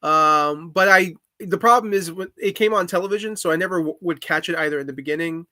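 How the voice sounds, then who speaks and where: A man's voice: on the high side, a little fast, sharp tone, dry recording, clean studio sound. A man co-hosting a podcast in casual chat, talking with many fillers and restarts. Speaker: podcast co-host.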